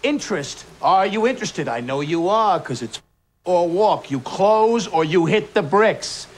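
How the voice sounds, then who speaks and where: A man's voice: high voice, animated, a little slow. An actor playing a blunt, hard-driving sales manager who drills slogans into his team. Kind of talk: comic pep talk to a sales team.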